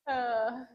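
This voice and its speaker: A woman's voice: fairly high pitch, muffled recording. Breathless chatty young woman streamer. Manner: breathless, chatty, trails off and restarts. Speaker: fitness streamer. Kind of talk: casual live-stream chat between sets.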